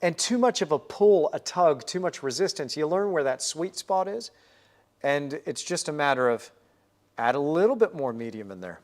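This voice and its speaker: A man's voice: on the high side, big pitch swings, moderate pace. A man hosting a live painting stream, chatting in an upbeat way and thinking aloud as he works at the easel. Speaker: painting livestream host. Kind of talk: live painting demonstration chat.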